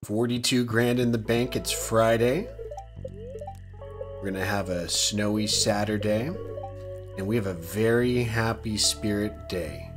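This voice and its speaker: A man's voice: lowish voice, a little slow. A man giving casual, upbeat commentary as he plays, chatty and self-deprecating, his voice a little worn. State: losing his voice. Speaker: let's play host. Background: faint game music.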